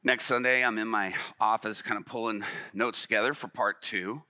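A man, a pastor, telling a story in a sermon, acting out the dialogue and rising to shouts. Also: on the low side, fairly even intonation, moderate pace. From Illinois. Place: church stage.

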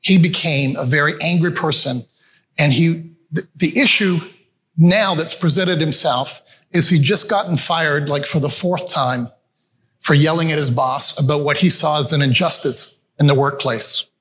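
Speaking at a moderate pace in a somewhat bright, higher voice, a male pastor tells his sermon as a story. He keeps it conversational and calls his listeners friends, inside a church meeting room with a screen.

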